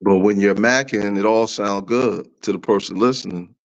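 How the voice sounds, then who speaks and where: A man's voice: lowish voice, normal speed, highs cut off. A man co-hosting a casual podcast, laid-back and slangy, often stammering on restarts. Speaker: podcast co-host. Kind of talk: casual commentary.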